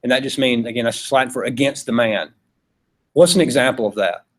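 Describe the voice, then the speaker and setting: A man with a Georgia Southern accent lectures a philosophy class, his voice medium in pitch and a little fast. He keeps it conversational and checks in with "right?" all the time.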